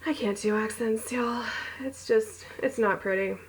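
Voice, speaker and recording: A slightly high voice reads at a measured pace from the woman's own romance novel, recorded at home with poor audio and slight background noise. She often stops for rambling, self-mocking, giggly tangents.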